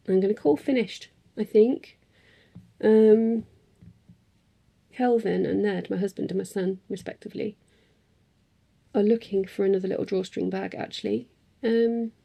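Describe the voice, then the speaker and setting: A woman's voice: medium pitch, vocal fry, mellow, breathy edge. A woman in a casual craft vlog, chatting in a rambling way with frequent ums and little laughs. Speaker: craft vlogger. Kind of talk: casual chat.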